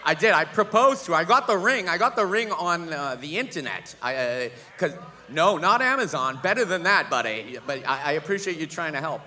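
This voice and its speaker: A brash man tells stories on stage with a profane, animated stand-up delivery. His voice sits a little high and sounds bright and forceful. Faint room ambience hangs behind his mic. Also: brisk, a little hiss or hum. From Boston, USA. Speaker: stand-up comedian. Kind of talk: live stand-up comedy. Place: live theater stage.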